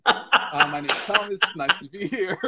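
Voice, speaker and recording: A man's voice: high-pitched, normal speed, a crowd in the background, voice pushed up, natural voice. A man doing a put-on Australian accent as a lanky young man with a ukulele, in a breezy, chirpy way.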